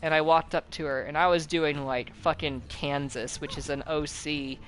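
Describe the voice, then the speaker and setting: A young man chatting casually while gaming, telling animated stories with a lot of swearing and acted-out quotes. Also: on the high side, normal speed, low-quality recording. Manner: animated storyteller, swears often, acts out quotes. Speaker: host. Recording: game music playing loudly behind.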